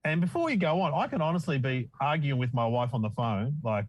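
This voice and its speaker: A man's voice: medium pitch, lively intonation, fairly quick, few pauses, rough recording. A middle-aged man with an Australian accent, a comedian guest telling wry, self-deprecating stories in casual chat.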